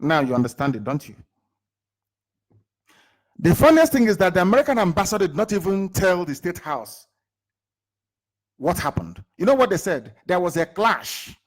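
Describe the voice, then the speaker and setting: A man with a Nigerian accent giving an impassioned live political address to followers. He is emphatic, fires rhetorical questions at his listeners, and swings between loud bursts and low asides. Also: very animated, moderate pace, long pauses. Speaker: movement leader.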